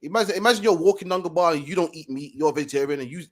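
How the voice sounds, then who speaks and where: Fast-talking husky male host. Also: on the high side. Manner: fast, forceful, preachy, keeps saying "man". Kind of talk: casual commentary chat.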